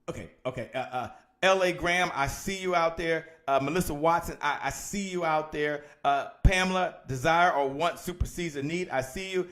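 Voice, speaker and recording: A man hosting a live-streamed motivational sales coaching session, energetic and repetitive, calling out viewers by name. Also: fairly high pitch, moderate pace. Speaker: host.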